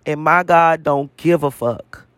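Man, high-pitched, profane repetitive rant, dry close sound. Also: slow, a bit bright, dry recording. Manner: profane, emphatic, repeats phrases for emphasis. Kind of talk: casual spiritual rant to camera.

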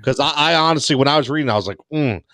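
A man's voice: mid-range voice, animated, very fast, fairly bright tone, dry recording. A man hosting a casual sports podcast, loose and joking, with frequent stammers. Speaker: podcast host.

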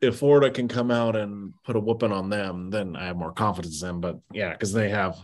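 Low-voiced guy on a sports podcast, hesitant, lots of ums. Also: a little fast. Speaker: podcast co-host. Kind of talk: casual sports chat.

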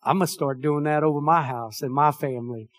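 Fervent high-voiced preacher. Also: male voice, a little fast. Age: older. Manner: fervent preacher, swings from hushed to shouted. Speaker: pastor. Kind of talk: sermon.

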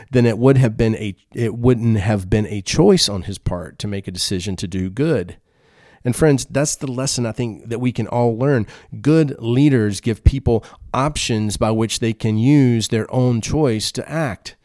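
A man's voice: mid-range voice, dark tone, dry recording, clean studio sound. A man preaching a sermon in an earnest, conversational way, often repeating his words as he goes. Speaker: pastor.

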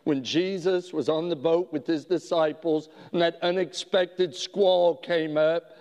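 Man, pastor, slow unhurried sermon storytelling, somewhat high voice, halting restarts, long hall echo. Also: fairly even intonation, a little mellow.

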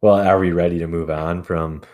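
A man's voice: sits low, steady tone, normal speed, darkish tone, a little hiss or hum. A man co-hosting a podcast in casual, joking chat. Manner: joking, teasing. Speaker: podcast co-host.

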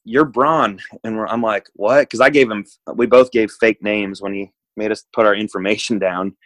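A man from the United States telling a travel story in a relaxed, rambling way, full of filler words. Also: lowish voice, a little fast, dry recording, low-quality recording. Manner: rambling, laid-back, lots of "like". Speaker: guest. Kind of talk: casual storytelling.

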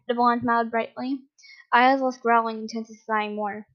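A woman reading fan fiction aloud in a plain, steady way with small slips. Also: a little high, brisk. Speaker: reader. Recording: dull lo-fi recording.

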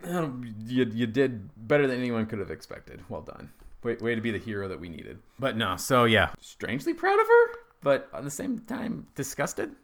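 A man's voice: mid-range voice, normal speed. A man and father on a casual comedy podcast, telling family stories with dry jokes. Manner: animated storytelling, dry jokes.

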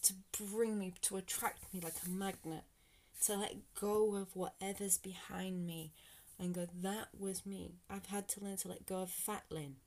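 A woman's voice: medium pitch, steady tone, normal speed, dark tone. A British woman hosting her own podcast, talking through her thoughts in an earnest, rambling, motivational way that sometimes sinks to a whisper. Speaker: podcast host. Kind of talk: reflective solo podcast monologue.

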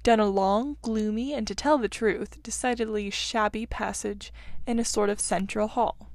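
A woman's voice: medium pitch, steady tone, moderate pace, darkish tone, no room sound. Young woman reading a classic aloud. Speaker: podcast host and reader. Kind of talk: audiobook reading.

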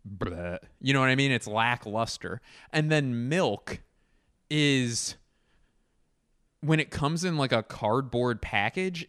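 A man's voice: mid-range voice, a bit bright, no echo, studio quality. Rambling, profane man hosting a podcast. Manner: rambling, profane, self-mocking. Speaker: podcast host. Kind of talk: rambling solo comedy podcast. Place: indoors at home, walking around.

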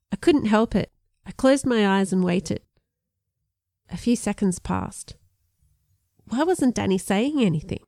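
A woman reading a first-person story aloud, expressive and lively in her narration. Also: no room sound, clean studio sound. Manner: expressive, lifts pitch for dialogue. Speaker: audiobook narrator.

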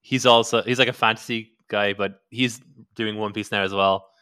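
Casting note: guy, bright voice, easygoing podcast chat, loose and rambly with lots of "like". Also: fairly low pitch, steady tone, moderate pace, clear, resonant tone. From Ireland. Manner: rambling, many fillers and restarts, laughs often.

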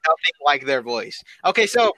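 A young man co-hosting a casual podcast with friends, teasing them in an animated, exasperated way. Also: on the high side, normal speed, no room sound, rough recording. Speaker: podcast co-host. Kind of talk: casual chat among friends.

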